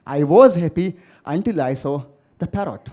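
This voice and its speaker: A man's voice: fairly high pitch, lively intonation, normal speed, dark tone. A man voicing a spotless white swan who dismisses its own beauty, in a fable. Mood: dismissive.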